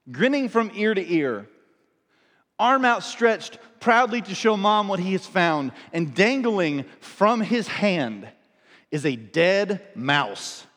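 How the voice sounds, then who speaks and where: High-voiced male pastor, hall echo. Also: a bit bright. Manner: storytelling, playful, builds comic timing. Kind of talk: sermon.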